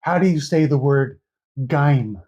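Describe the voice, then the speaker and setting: A man's voice: a little high, expressive, unhurried, a little mellow. A man in his forties co-hosting a podcast, laid-back and blunt, agreeing easily. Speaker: podcast co-host. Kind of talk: casual podcast chat.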